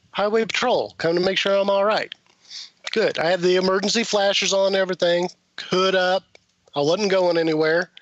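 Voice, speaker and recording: A high-pitched man spins a rambling story for his podcast friends, chuckling and putting on the voices of the people in it. The recording is dry and a little muffled. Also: no room sound. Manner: animated, laughs while telling, acts out quoted voices. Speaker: podcast guest. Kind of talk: casual storytelling.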